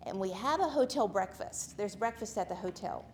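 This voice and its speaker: A woman with a Southern drawl tells a story to a church audience, animated and chatty. She turns to the listeners with questions as she goes. Her voice sits in a middle range over a faint background hum. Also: medium pitch, moderate pace, hardly any pauses. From Alabama, USA. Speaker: conference speaker. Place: church hall with a live audience.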